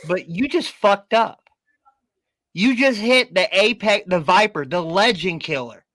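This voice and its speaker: A man co-hosting a live wrestling podcast, excitable and profane, often stumbling and repeating his words. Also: high-pitched, measured pace, dry recording. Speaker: podcast co-host. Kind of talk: casual wrestling chat.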